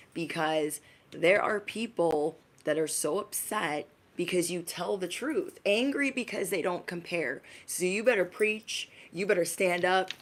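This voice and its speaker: A woman's voice: lowish voice, slight background noise. A woman giving a casual spiritual message to her viewers as an intuitive reader, in a chatty, emphatic, slangy way.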